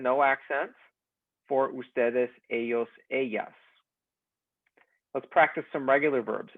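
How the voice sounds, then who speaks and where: A man teaching a Spanish class, explaining verb endings in a slow, deliberate way and leading repeat-after-me drills. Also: medium pitch, dry recording. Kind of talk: recorded class lecture. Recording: dry, phone-like narrow sound.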